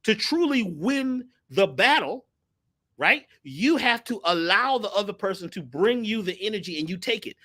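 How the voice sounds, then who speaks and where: A man with a bright, ringing voice tells his stories with lots of energy. His pitch climbs high and dips low as he acts out the people in them. He talks casually and drops slang as he goes. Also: lively intonation, normal speed. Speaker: guest. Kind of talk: animated storytelling.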